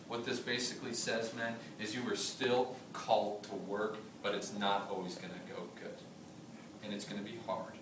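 Animated man preaching in an echoey hall. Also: fairly low pitch, moderate pace, a little hiss or hum. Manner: conversational preaching, humorous asides, animated storytelling. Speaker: pastor. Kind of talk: sermon. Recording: echoey room from a distance.

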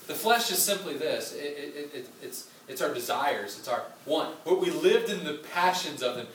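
Here a man with a voice on the high side preaches at normal speed, very animated and with few pauses, his tone fairly bright. He speaks as a pastor in a conversational way with many fillers and asides, recorded at a distance in a church hall with roomy sound, faint ambience and a little hiss or hum.

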